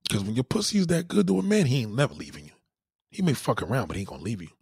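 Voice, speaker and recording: A man hosting a podcast, telling crude stories in an animated, profane monologue. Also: medium pitch, racing, vocal fry, breathy edge, no echo, clean studio sound. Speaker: podcast host. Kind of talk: casual comedic monologue.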